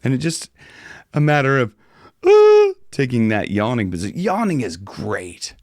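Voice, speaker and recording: A male vocal coach chatting casually through a singing lesson at home, self-mocking between high, yawning demonstrations. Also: huge pitch swings, moderate pace, darkish tone, no room sound, studio quality. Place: home room with guitars.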